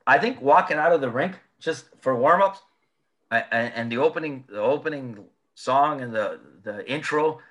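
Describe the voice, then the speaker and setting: A man, a former hockey player, telling animated, profane anecdotes in a casual chat, laughing as he goes. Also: mid-range voice, moderate pace.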